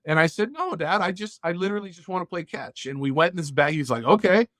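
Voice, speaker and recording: A man's voice: sits high, animated, fast talker, fairly bright tone, dry recording, studio quality. A man as a podcast guest, telling a personal story in an earnest, heartfelt way and acting out bits of dialogue. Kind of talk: casual interview storytelling.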